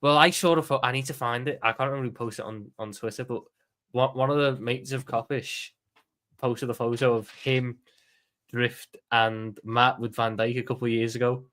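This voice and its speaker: A man with a Scouse accent chatting as co-host of a live football watchalong. He talks bluntly and swears freely, trading jokes and opinions about players. His voice sits at an ordinary pitch for a man. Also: fairly even intonation, moderate pace, fairly bright tone. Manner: blunt, sweary, jokey banter. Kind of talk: casual chat.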